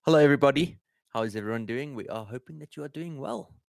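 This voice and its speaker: A man's voice: medium pitch, animated, fast talker, gravelly, no room sound, clean studio sound. A man co-hosting a podcast, teasing and laughing easily in casual chat. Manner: laid-back, teasing, laughs often. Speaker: podcast co-host.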